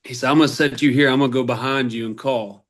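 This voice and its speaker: A man's voice: medium pitch, fast. A man from Arkansas, a podcast guest telling long, rambling hunting stories in a casual way. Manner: rambling, animated anecdotes. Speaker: podcast guest, turkey hunter. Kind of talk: casual storytelling.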